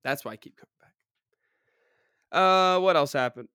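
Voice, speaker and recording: A young man hosting a casual solo podcast, hoarse with his voice partly gone, rambling and animated as he tells stories. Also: fairly high pitch, normal speed, no room sound, studio quality. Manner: animated storytelling, mocks people in quoted voices, rambling. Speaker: podcast host.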